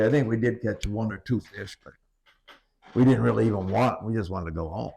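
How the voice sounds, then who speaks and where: An older man with a gravelly edge to his voice tells stories from his fishing years. He swears freely and laughs easily, relaxed in an interview. He grew up on the US east coast. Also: on the low side. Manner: salty, profane, laughs through stories. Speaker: retired commercial fisherman. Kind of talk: casual storytelling interview.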